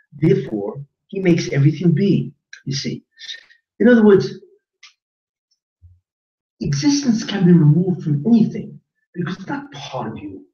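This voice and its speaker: A man teaching a class as a rabbi, animated and joking, quizzing his audience with questions. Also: high-pitched. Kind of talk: lively Torah class lecture. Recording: roomy lo-fi recording from a distance.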